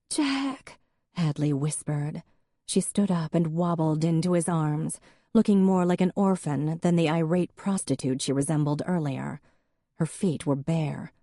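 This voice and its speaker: Woman, audiobook narrator, measured, steady, low pitch, dry studio sound. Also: dry recording. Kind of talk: scripted narration.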